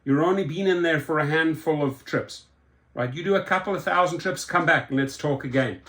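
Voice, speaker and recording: A man's voice: a little high, brisk, fairly bright tone. A man hosting a rideshare talk show, reading a news article aloud and reacting to it with indignant, sarcastic commentary, often repeating and restarting words. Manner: indignant, exasperated, with sarcastic asides.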